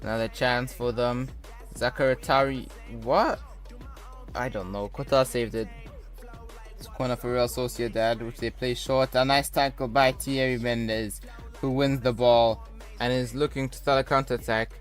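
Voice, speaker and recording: A man's voice: mid-range voice, steady tone, moderate pace, soft background music. A young man commentating a football video game, mixing sports-caster calls with rambling jokey asides. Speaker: gaming YouTuber. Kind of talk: casual gameplay commentary.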